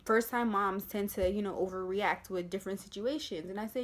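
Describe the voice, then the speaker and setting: A young woman tells her own pregnancy story straight to the camera in a casual vlog. Her voice sits at a middling pitch. She acts out the people she quotes with lively changes of voice. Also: a little fast. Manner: animated retelling, acting out quoted voices. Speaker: vlogger.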